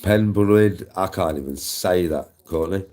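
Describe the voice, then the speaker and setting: A man's voice: low-pitched, a little slow, a little mellow. A man, chatting casually on a live stream, swearing freely and greeting viewers. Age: 40s. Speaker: livestreamer.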